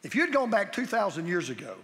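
A middle-aged man preaching, his voice bright and pitched high as he hammers each point with emphatic repetition. The sound carries a long reverb like a big hall. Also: sing-song, brisk. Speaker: pastor. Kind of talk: sermon.

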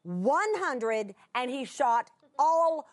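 A woman preaching to a live audience, telling a personal story in a folksy, chatty way, with emotional swings from excited to hushed. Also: high voice, extremely slow. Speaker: Christian speaker.

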